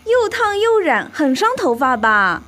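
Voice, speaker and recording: A fussy young salon customer, played by a woman in a scripted lesson dialogue, doubtful and always bargaining. Her voice sits high and swings widely in pitch. Faint music plays underneath. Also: very animated, a little slow, bright, forceful tone, exaggerated voice. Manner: doubtful, haggling.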